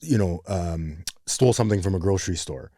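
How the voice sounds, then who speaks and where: A man's voice: low-pitched, expressive, a little fast, warm tone, no room sound, clean studio sound. A man hosting a recovery podcast, musing thoughtfully and checking in with "right?" as he talks. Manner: thoughtful, rambling, peppered with "right?". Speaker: podcast host. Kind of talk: conversational interview.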